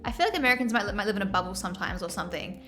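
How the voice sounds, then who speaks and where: A woman's voice: mid-range voice, lively intonation, rapid-fire, sharp tone, soft background music. An Australian woman streamer chatting casually and laughing as she reads her chat aloud.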